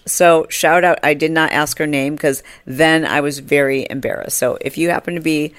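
A woman in her forties with a low voice chats through a funny story on her podcast. She laughs often and jumps up high to act out the people in it. The sound is dry and close to the mic. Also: fairly even intonation, normal speed, few pauses, smooth, no echo. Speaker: podcast host. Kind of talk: casual storytelling monologue.

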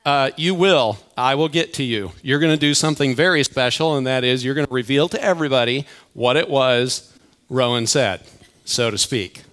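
A man's voice: medium pitch, moderate pace, a bit bright. An older man, a church elder and grandfather, playfully talking to a church crowd and calling up kids for a game before his sermon. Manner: playful, chatty, addresses the crowd directly. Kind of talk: sermon opener with audience interaction. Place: church auditorium.

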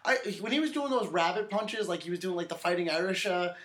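Podcast co-host, male, slightly high voice, rapid eager delivery, roomy echo. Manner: quick, excitable, many restarts. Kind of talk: casual chat. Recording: echoey room.

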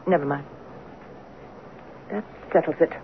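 An actress in a 1970s radio drama playing a middle-aged French wife with a French accent, once in the resistance, talking in a tender, teasing way. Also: female voice, low voice, measured pace. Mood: urgent. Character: wistful French wife, former resistance fighter. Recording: tinny lo-fi old radio broadcast with hiss.

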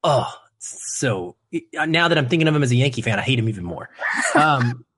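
A man's voice: medium pitch, very animated, brisk, fairly bright tone, breathy edge. A man who is a father, talking casually and animatedly about a film, rambling and correcting himself mid-sentence. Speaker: podcast co-host.

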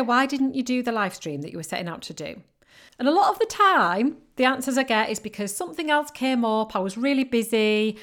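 A woman with a northern English accent talks straight to her listeners as a business coach on her own podcast. Her voice sits a little high, and she sounds earnest and encouraging. She sometimes acts out the excuses her clients give her. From northern England. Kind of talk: solo podcast monologue.

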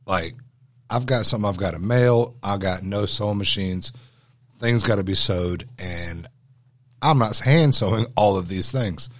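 A man's voice: lowish voice, unhurried. A man co-hosting a podcast, telling a story in a folksy, plain-spoken way. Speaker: podcast co-host. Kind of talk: casual chat.

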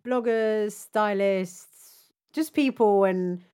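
A woman's voice: medium pitch, extremely slow, warm tone, clean tone. A young woman co-hosting a podcast in casual, slangy chat, laughing often. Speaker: podcast co-host.

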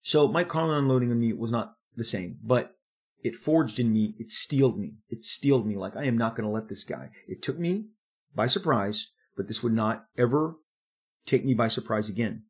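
A middle-aged man, a comic book artist, recounting his career in an animated, confiding monologue with frequent restarts. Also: mid-range voice, normal speed, slightly rough. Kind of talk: storytelling monologue.

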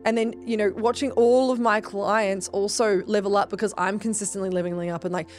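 A woman hosting a podcast as a business coach, talking in a quick, emphatic, casual way, filling her talk with "like" and swearing freely. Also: mid-range voice, steady tone, darkish tone, faint music behind. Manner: rapid, emphatic, heavy "like" fillers, swears freely. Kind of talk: casual motivational monologue.

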